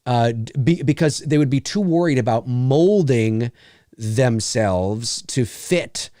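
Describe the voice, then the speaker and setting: Lively-voiced man rambling through live chat. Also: mid-range voice, slow, no room sound, studio quality. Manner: rambling, searching for names mid-sentence. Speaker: podcast co-host reading live chat. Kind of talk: casual live commentary chat.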